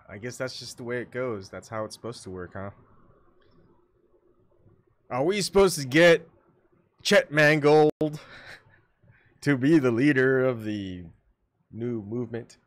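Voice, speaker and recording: A man hosting a solo livestream, muttering his thoughts and asides to himself, often coughing and clearing his throat, on a desktop microphone at home. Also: mid-range voice, expressive, slow, pauses often. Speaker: livestream host. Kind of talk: rambling solo livestream chat.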